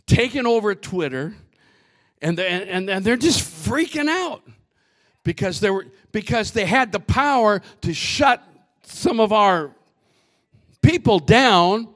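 A man preaching a sermon as pastor, swinging from shouted lines to hushed asides, often repeating and restarting his words. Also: sits high, animated, unhurried.

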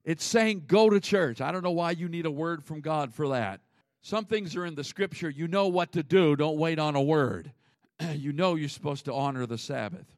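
A man preaching a sermon as pastor, conversational, with sudden swings between loud emphasis and hushed asides. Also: fairly high pitch, moderate pace, no room sound, studio quality.

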